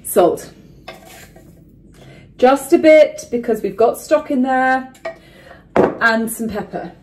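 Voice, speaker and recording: A woman's voice: sits high, animated, slow, background noise. A woman, chatting through a cooking demonstration in her home kitchen, instructive and filled with ums. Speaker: cooking vlogger.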